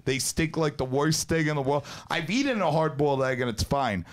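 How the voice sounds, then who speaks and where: A man's voice: on the high side, animated, fairly quick. Man, podcast host, casual chat, loose profane storyteller, lots of restarts.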